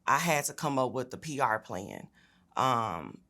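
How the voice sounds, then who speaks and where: A woman's voice: rumbling low, sing-song, a little slow, sharp tone. Young woman telling a personal story. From Memphis, Tennessee. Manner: earnest, conversational, with many fillers. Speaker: state senator. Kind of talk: personal testimony.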